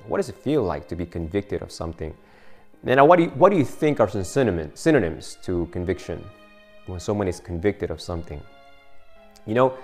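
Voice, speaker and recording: A middle-aged man preaching a sermon and telling a personal story in a conversational way, with frequent restarts. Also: on the low side. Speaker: pastor.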